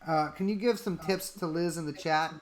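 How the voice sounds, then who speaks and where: A man's voice: fairly high pitch, normal speed. Man rambling through a mock-serious bit. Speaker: podcast co-host. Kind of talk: comedic live-stream chat.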